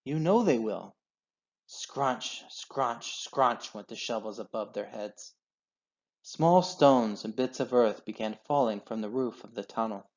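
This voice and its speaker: Man reading a storybook aloud. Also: medium pitch. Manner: expressive, measured. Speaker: children's book reader. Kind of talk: storybook read-aloud narration. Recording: dull lo-fi sound.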